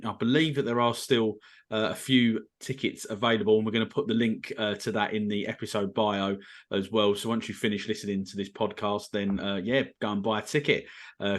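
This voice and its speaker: Hesitant podcast host, low voice. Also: male voice, little pitch movement, normal speed. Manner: hesitant, many ums and sort ofs. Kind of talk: casual interview chat.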